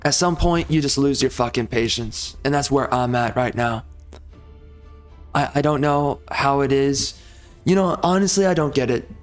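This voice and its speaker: A man's voice: medium pitch, normal speed, soft background music. A young man with a profane, heated, repetitive way of talking, delivering an angry rant to the camera. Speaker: gaming YouTuber.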